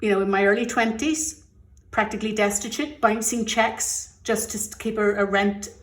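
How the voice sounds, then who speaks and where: A woman's voice: medium pitch, steady tone, moderate pace. Chatty middle-aged British woman, roomy sound. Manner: chatty, candid, gets emotional. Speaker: budgeting vlogger. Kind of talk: casual chat while counting cash.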